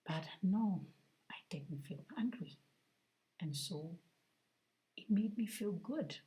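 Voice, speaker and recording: A woman vlogger sharing a personal spiritual testimony, soft-spoken and often half-whispered, earnest and reflective. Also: on the low side, lively intonation, slow, rough recording.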